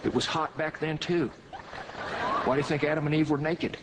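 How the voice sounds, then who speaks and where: A man's voice: fairly high pitch, normal speed, close to an everyday voice. A man doing an impression of a rambling, folksy male president, earnestly musing in a sketch clip. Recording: clip with steady background noise.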